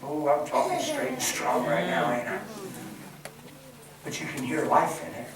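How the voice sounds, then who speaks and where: Man preaching, passionate, hushed to shouting, slightly high voice, echoey hall, heard from a distance. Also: wildly swooping pitch, moderate pace, crowd noise. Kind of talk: sermon. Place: large church hall.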